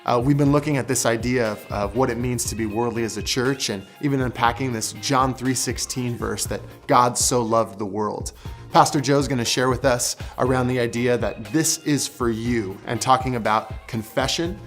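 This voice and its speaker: A man with a mid-range voice opens a church group video with a friendly, scripted welcome. Soft music plays faintly behind him. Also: medium pitch, normal speed. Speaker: host. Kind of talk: introducing a church video series.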